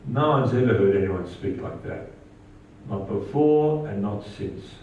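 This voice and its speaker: Male pastor, animated sermon delivery, heard from a distance in an echoey church, slightly dull sound. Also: measured pace, slight background noise. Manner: animated preaching, rising pitch on quoted lines.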